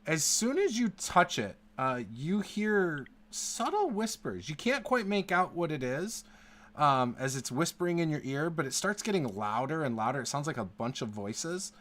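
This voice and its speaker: A man narrating a tabletop game as game master, halting with many fillers. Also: a little high, big pitch swings, fairly bright tone. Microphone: online call.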